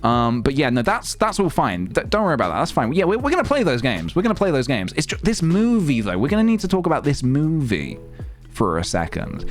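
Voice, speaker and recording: A man's voice: a little high, huge pitch swings, fairly quick, soft background music. A man streaming late at night in casual, rambling, wry chat. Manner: rambling, wry, self-mocking.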